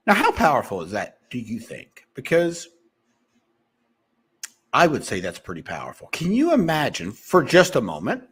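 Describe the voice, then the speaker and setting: A man talking fast as a sales coach, giving a rambling motivational monologue to his viewers with frequent restarts. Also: medium pitch, huge pitch swings, a bit bright, husky.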